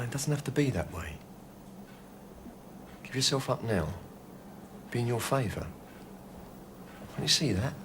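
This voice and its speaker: A tough, steady police sergeant in middle age, as a man acts him out in a TV police drama. He talks firmly and coaxingly, with lively pitch and plenty of noise around him. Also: natural voice. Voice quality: firm, coaxing, calm. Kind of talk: television police drama acting.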